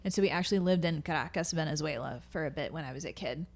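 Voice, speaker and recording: A woman's voice: deep voice, fast talker, gravelly. A woman from the United States, a comedian guest telling stories in a casual podcast chat and laughing often. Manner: chatty storytelling, laughs often.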